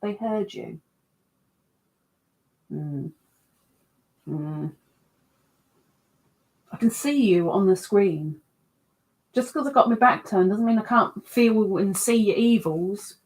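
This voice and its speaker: Lady on a home livestream, slow easy chat, pokes fun at herself, reads out the comments. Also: mid-range voice. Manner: chatty and self-mocking, reads out comments. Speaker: livestream host. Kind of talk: casual livestream chat reading viewer comments.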